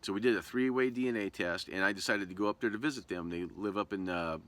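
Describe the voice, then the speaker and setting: A very low-pitched man with a bright, forceful edge to his voice tells a personal story in a loose, rambling vlog style. He keeps stopping to restart his sentences and leans on lots of fillers as he goes. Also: fast talker. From Southern Oregon. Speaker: vlogger. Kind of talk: casual storytelling.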